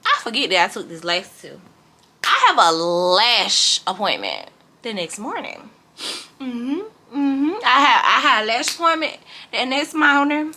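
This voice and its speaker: A woman's voice: fairly high pitch, big pitch swings, unhurried, pushed and bright. A woman telling a storytime vlog in casual, dramatic chat, calling her viewers y'all. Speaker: vlogger.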